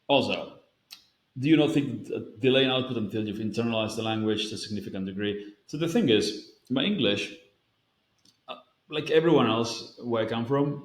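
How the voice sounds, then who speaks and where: A man from Spain answering a viewer's question about pronunciation in a casual, rambling way, with many fillers and restarts. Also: fairly low pitch. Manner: rambling, self-correcting, with frequent fillers. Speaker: language-learning video creator. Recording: roomy echo.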